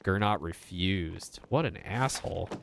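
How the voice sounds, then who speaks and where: Deep-voiced guy streaming a game, chatty, curses a lot, little bit of hiss behind. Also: animated, a little slow, creaky. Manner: chatty, swears freely. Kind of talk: casual gaming commentary.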